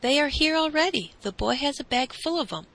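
Woman playing a gruff palace servant man, commanding, bright edge, storybook. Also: sits high, lively intonation, brisk, pitched above the performer's own voice. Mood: excited. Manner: rough, commanding.

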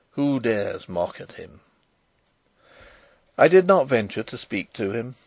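Man, audiobook narrator, measured expressive reading, dry sound. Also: medium pitch, vocal fry, husky, no echo. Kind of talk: scripted narration of a novel.

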